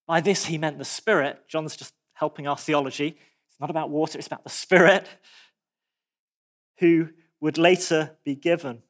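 A man preaching a sermon, expressive, with dramatic pauses and animated asides. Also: on the high side.

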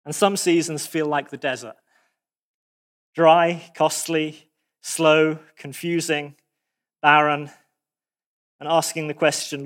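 A man preaching a sermon, expressive, with dramatic pauses and animated asides. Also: a little high.

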